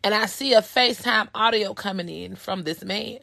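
A woman's voice: mid-range voice, normal speed, creaky, bright, forceful tone, no room sound, studio quality. A woman in her thirties hosting a personal podcast, telling a story in a blunt, profane, heated way. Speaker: podcast host.

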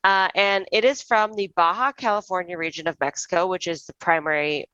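A woman's voice: lowish voice, steady tone, a little fast, bright, forceful tone, clear, resonant tone, dry recording, highs cut off. A young woman co-hosting a podcast, chatting casually and recommending a wine with lots of fillers. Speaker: podcast co-host.

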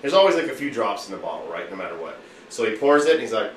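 A boisterous man with a bright, forceful voice tells a rowdy story, swearing freely and acting out the other people in it. He sits back from the mic in an echoey room with faint noise behind him. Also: mid-range voice, very fast, distant mic. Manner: profane, boisterous storyteller who acts out quotes. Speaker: podcast host telling a story. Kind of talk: casual storytelling among friends.

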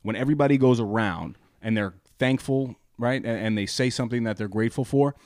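A young man co-hosting a podcast, talking earnestly in a halting way with many restarts. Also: mid-range voice, darkish tone, no echo, clean studio sound. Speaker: podcast co-host. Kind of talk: casual chat.

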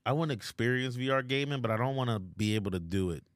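A man's voice: medium pitch, fast, no room sound, clean studio sound. A young man co-hosting a casual podcast chat, loose and rambling with lots of fillers. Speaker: podcast co-host.

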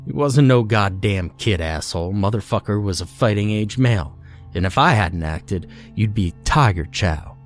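A man's voice: on the low side, lively intonation, normal speed, soft background music, natural voice. A man voicing a hostile marine who hisses his words with profanity. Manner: hissing and profane. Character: hostile, foul-mouthed young male marine.

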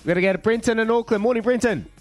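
A man hosting a breakfast radio quiz, playful and quick to laugh. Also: sits high, soft background music. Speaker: radio show host.

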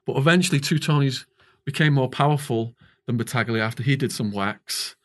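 A man's voice: mid-range voice, a little fast. A middle-aged English man, a podcast guest, telling a long story and acting out the quoted dialogue. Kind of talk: storytelling interview.

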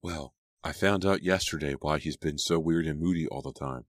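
A man's voice: rumbling low, normal speed, no room sound. A man voicing a concerned teenage girl in an audiobook, frank and matter-of-fact.

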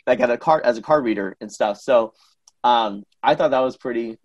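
A man in casual conversation telling an animated story, acting out the people in it. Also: mid-range voice, normal speed, dull audio. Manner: animated, acts out voices in anecdotes. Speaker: guest.

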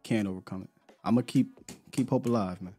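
A man's voice: lowish voice, fairly quick, warm tone, breathy edge, faint music behind. Laid-back slangy male podcast host. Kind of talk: casual live-stream chat.

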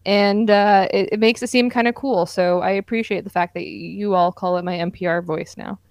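Tired female co-host, slow and hesitant, smooth and dry. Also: medium pitch, steady tone, a little mellow, dry recording. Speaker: podcast co-host. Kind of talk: casual podcast chat.

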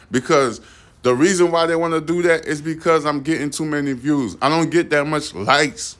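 A man's voice: a little high, normal speed, fairly bright tone. Defiant rambling man hosting a solo podcast. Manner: rambling and defiant, repeating "you see what I'm saying". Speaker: podcast host. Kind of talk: casual solo podcast monologue.

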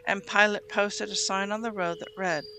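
A host reading scripture aloud in a steady, measured way, giving the quoted lines plainly. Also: mid-range voice, background noise. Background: music bed under the reading.

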